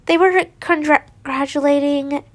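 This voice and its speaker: Slow high-voiced woman reading fan fiction. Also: steady tone, no echo, rough recording. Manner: stumbling, self-correcting, with sighs and asides.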